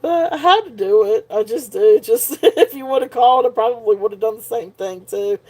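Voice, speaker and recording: A woman's voice: on the high side, a little fast, dark tone. Giggly, tired woman hosting a live sale. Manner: giggly, laughs often while talking. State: tired and punch drunk. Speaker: live jewelry sale host. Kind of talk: casual live-stream chat.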